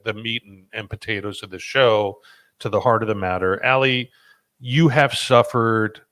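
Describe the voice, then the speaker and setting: A lowish male voice in casual podcast conversation, full of ums and restarts as he tells a story. He laughs at himself along the way. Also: fairly bright tone. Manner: rambling with fillers and restarts, self-deprecating laughs. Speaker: podcast host.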